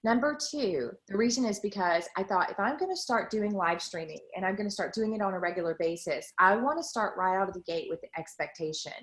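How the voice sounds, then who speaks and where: A woman's voice: mid-range voice, brisk, hardly any pauses. A woman blogger talking casually on a live stream, chatty with lots of fillers. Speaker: guest blogger. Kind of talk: casual chat.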